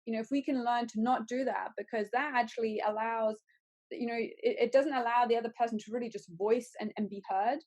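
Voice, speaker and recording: A woman's voice: fairly high pitch, fairly even intonation, brisk, darkish tone. A woman hosting a conversation, rambling with many fillers and restarts. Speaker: host.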